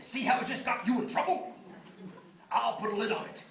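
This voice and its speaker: A woman voicing a smug, bossy male lizard that lives in the brain, speaking loudly and commandingly on a theatre stage. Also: a little high, a little fast, natural voice. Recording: echoey stage audio from far off.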